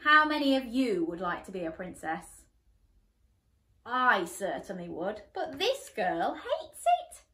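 Animated woman reading a bedtime story. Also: medium pitch, a little slow. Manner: animated, talks to children directly. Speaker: children's storyteller. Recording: echoey room.

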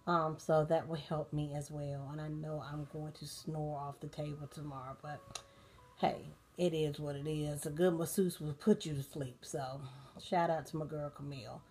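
A sleepy, tired American woman with a low voice hosts a bedtime talk channel at a moderate pace. She chats in a relaxed way with lots of fillers and frequent laughter, in a dim bedroom at night with soundscapes playing.

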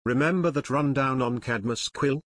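Male reader doing a decisive teenage sleuth, brisk and dry-sounding. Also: mid-range voice, fairly bright tone, no echo, close to an everyday voice.

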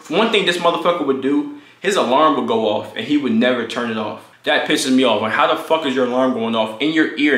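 Profane young man telling a story. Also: roomy sound. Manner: animated, profane, acts out quotes in high voices. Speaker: storytime vlogger. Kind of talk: casual storytelling.

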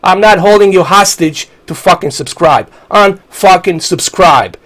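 A man's voice: sits high, a little slow, a bit bright. A man, ranting angrily and profanely while live-streaming a game. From Bosnia. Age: 40s. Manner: angry, profane, combative.

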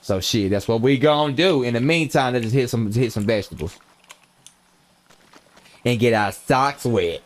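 A man's voice: medium pitch, lively intonation, normal speed, long pauses. A young man streaming a role-play game, chatting casually, telling stories in slangy, profane talk and laughing often. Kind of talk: casual gameplay chat.

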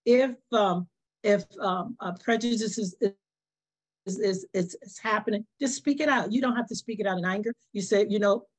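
A woman answers interview questions in a hesitant, conversational way. She pauses and restarts her sentences often as she works through her thoughts. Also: medium pitch, slightly rough. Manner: hesitant, many fillers and restarts. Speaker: panelist.

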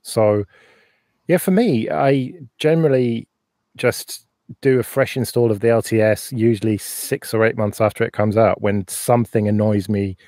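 A man's voice: fairly low pitch, moderate pace, dark tone, dry recording, studio quality. A man hosting a casual live-stream chat, chatty and laughing often, sometimes swearing. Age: older than a younger co-host. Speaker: podcast host.

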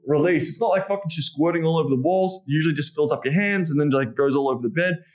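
A man's voice: a little high, fast. Frank, profane man talking casually. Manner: frank, profane, animated, with frequent fillers. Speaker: podcast guest, intimacy coach. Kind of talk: casual podcast conversation.

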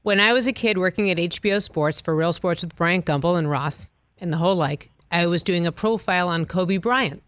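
A woman guest host chatting in a casual interview with quick, playful banter. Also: on the low side, no echo.

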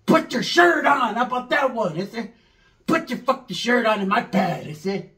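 A man voicing a loud, hostile older male gang cousin who shouts slangy threats. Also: extremely high pitch, lively intonation, moderate pace, far from the mic, exaggerated voice.

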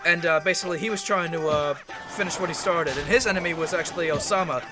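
A man giving casual, rambling commentary while playing a game, excitable and swearing freely. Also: a little high, quick pace. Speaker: gameplay commentator. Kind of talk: casual let's-play commentary. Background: game music.

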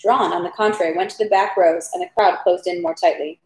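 A woman reading a novel aloud at home, steady with occasional stumbles over words. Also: lowish voice, a little fast. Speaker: reader. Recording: roomy echo.

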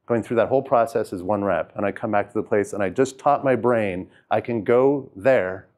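A man talking casually about his own experiences in a self-help talk, rambling, with fillers and restarts, and dropping quiet on heavy moments. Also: on the low side, moderate pace. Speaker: host sharing personal experience.

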